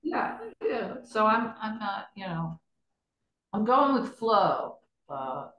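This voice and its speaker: A woman's voice: mid-range voice, big pitch swings, slow pace, a bit bright, echoey room, highs cut off. A woman chatting as an interview guest, rambling and laughing often. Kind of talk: casual interview chat.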